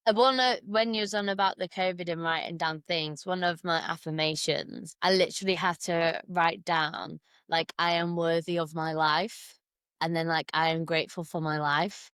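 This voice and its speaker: A woman's voice: lowish voice, steady tone, moderate pace, a bit bright, clear, resonant tone, no room sound, clean studio sound. A woman hosting a podcast, chatting casually with slangy, frank phrasing. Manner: casual, slangy, laughs easily. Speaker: podcast host. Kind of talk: casual chat.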